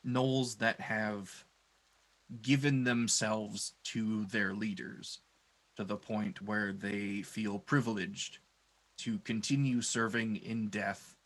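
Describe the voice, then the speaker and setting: A man running a tabletop game as game master, narrating scenes and lore in a measured, descriptive way. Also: on the low side, fairly even intonation, fairly bright tone, poor audio.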